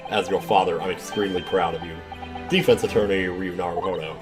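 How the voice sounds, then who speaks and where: A man doing a dignified older father from a story game speaks with measured pride. His delivery is low and solemn, and faint music plays underneath. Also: steady tone, close to an everyday voice. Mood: proud. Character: proud older father, grave and formal.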